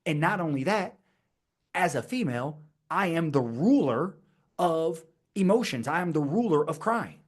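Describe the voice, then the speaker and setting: A man hosting his own podcast, talking alone in a rhetorical style with slow, emphatic repeated phrases. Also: fairly high pitch, lively intonation. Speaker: podcast host. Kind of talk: scripted-sounding solo podcast monologue.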